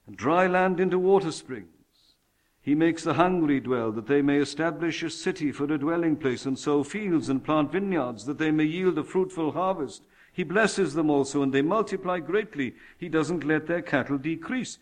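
A man with a voice on the high side preaches a sermon, shifting between loud proclamations and slow, hushed, tender passages, and repeating things for emphasis.

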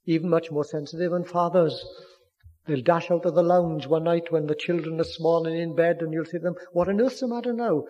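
A man preaching a sermon with earnest pleading, swinging from loud declarations down to hushed near-whispers. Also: fairly high pitch, little pitch movement, brisk, muffled recording.

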